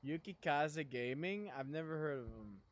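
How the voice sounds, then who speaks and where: A young man rambles through a casual live stream, excitable and quick to laugh. He sounds sleepy, and his voice sits a little high for a man.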